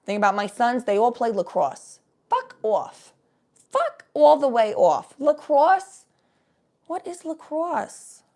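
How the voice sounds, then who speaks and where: A woman's voice: on the high side, very animated, takes it slowly, a little mellow, exaggerated voice. A woman voicing a silly psychic stoner woman in a put-on New Jersey accent, giving a brash, profane live-stream tarot reading. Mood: mock-bitter.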